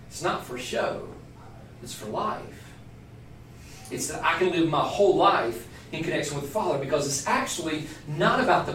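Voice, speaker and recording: A man preaches to a small gathering in a chatty, self-deprecating way, mixing scripture with asides. His voice sits a little high and sounds distant, caught in a roomy space with faint ambient noise. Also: fairly bright tone. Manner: conversational, self-deprecating, joking with the group. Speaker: pastor teaching a church class. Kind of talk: informal sermon. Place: church room with a small group. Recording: echoey room, voice from far off.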